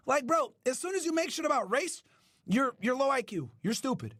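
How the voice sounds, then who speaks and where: Man, podcast host, ranting commentary, shouty, very high voice, dry room. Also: expressive, brisk, no echo. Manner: loud, profane, often shouting; mocks others in whiny put-on voices.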